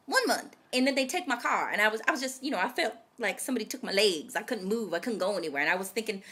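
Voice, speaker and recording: A woman's voice: on the high side, fast. A woman in her twenties telling a personal story to her viewers in a casual vlog, dramatic and chatty. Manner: animated, dramatic storytelling that addresses viewers directly. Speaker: vlogger.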